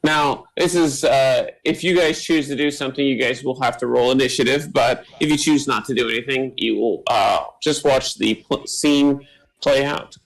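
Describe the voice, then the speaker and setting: A man running a tabletop game as game master, narrating haltingly with many fillers and quick bursts when he explains rules. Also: medium pitch, fairly even intonation, gravelly, poor audio.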